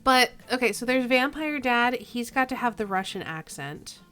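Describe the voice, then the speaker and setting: A woman's voice: on the high side, lively intonation, moderate pace, pushed and bright, smooth, faint music behind. A woman streaming a game, chatting playfully, giggling often and reading the story aloud. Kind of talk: let's play commentary and reading.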